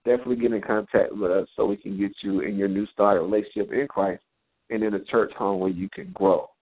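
A man's voice: fairly low pitch, fairly even intonation, brisk. A man hosting a live Bible study, teaching in a preacherly way and punctuating his points with "amen.". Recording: tinny phone-line audio.

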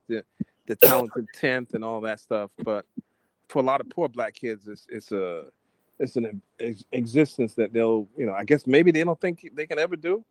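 A man's voice: medium pitch, no room sound. A man co-hosting a casual panel chat, blunt and opinionated, speaking with animation. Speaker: podcast co-host.

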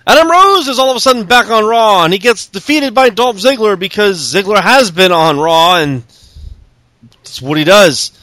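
A man's voice: high-pitched, lively intonation, moderate pace, pushed and bright, no room sound. A man hosting a podcast, giving a sarcastic, profane casual recap. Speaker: podcast host. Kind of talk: casual wrestling recap chat.

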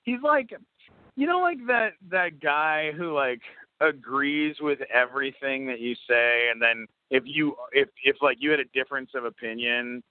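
Excitable guy rambling thru a phone interview, tinny dry line. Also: medium pitch, moderate pace, no echo. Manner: rambling and excitable, many restarts. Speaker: guest voice actor and comedian.

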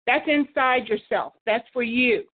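A woman's voice: a little high, unhurried. A woman calling in to a talk line, rambling and preachy, quoting scripture. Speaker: caller. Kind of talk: phone-in call. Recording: phone line.

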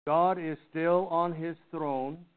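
A man's voice: fairly high pitch, steady tone. Older man teaching Bible study over tinny line. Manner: halting, frequent throat clearing. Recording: tinny phone-like sound.

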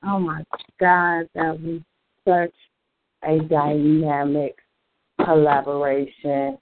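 A man's voice: on the high side, level tone, slow. Gushing male host on a noisy phone line. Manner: gushing, praising. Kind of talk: effusive live show hosting.

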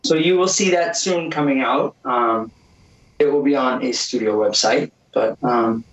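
A woman's voice: rumbling low, unhurried. Bawdy boston woman on a video call, sounds roomy and far from the mic. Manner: brash, bawdy, chatty. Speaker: guest. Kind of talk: casual chat over video call.

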